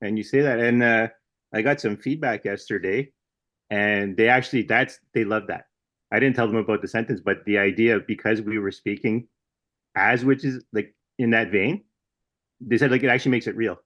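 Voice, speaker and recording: A man's voice: on the low side, moderate pace, a bit bright, no echo, dull audio. Easygoing man podcast host. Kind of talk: casual podcast chat.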